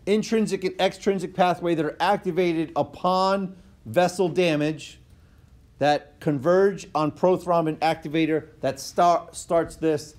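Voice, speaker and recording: A man's voice: a little high, steady tone, measured pace, darkish tone. Man lecturing with constant "okay?" checks. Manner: conversational, frequent "okay?" check-ins, self-corrections. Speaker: instructor. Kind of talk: recorded whiteboard lecture. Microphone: tablet microphone.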